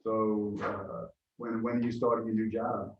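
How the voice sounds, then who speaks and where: Man, agent trainee on a practice call. Lowish, polite, halting; distant echoey audio. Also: flat delivery, vocal fry, highs cut off, slight background noise. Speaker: real estate agent trainee.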